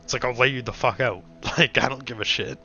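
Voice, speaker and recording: A man's voice: mid-range voice, a little fast, sharp tone, faint music behind. A young man streaming, telling a story in casual chat with blunt, profane ranting. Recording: dull lo-fi stream audio.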